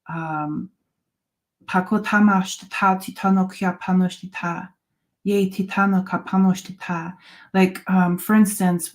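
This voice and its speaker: Slow, low-voiced woman hosting a chat. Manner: slow, halting, with many fillers and soft laughs. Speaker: host. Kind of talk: casual live chat with viewers.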